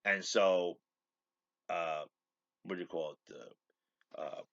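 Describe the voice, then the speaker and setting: A man's voice: low voice, steady tone, slow, fairly bright tone. A man hosting a show, casually recapping an episode in a rambling way, full of fillers and restarts. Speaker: host. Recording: dull lo-fi recording.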